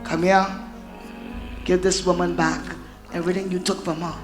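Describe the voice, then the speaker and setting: A woman prophetess leading a deliverance prayer in a church, commanding and shouting orders at demons. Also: lowish voice, flat delivery, fairly quick. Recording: echoey church with loud music.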